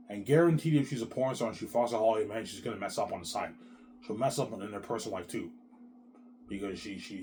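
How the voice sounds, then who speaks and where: A man in a rambling monologue, repeating himself, swearing and jumping between quiet mumbles and loud outbursts. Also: fairly low pitch, slight background noise. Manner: repetitive, restarts, keeps saying "man"; profane, agitated swings in loudness.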